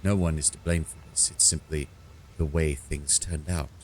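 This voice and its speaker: A man voicing a proud, cold male dark elf assassin in a fantasy game, reading his lines in a measured, contemptuous way. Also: rumbling low, fairly even intonation, a little hiss or hum, voice pushed down. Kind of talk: reading game dialogue aloud.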